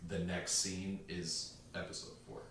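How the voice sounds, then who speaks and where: A man's voice: low voice, little pitch movement, measured pace, a bit bright, reverberant. A man co-hosting a podcast, chatting casually with short, matter-of-fact remarks. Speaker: podcast co-host. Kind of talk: casual chat.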